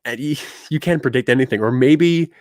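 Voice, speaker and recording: Excitable man chatting on a podcast. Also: medium pitch, fairly quick, dry recording, clean studio sound. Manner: animated, speculative fan talk. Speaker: podcast co-host. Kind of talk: casual chat.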